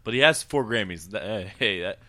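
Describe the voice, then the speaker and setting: A man's voice: lowish voice, expressive, brisk, pushed and bright. A man co-hosting a casual podcast, blunt, joking and profane. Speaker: podcast co-host. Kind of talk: casual chat.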